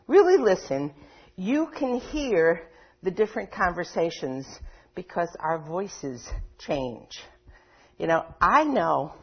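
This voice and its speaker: A woman's voice: mid-range voice, breathy edge, highs cut off. A woman giving a conversational talk to a live audience, often saying 'you know' and acting out inner voices. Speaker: workshop speaker.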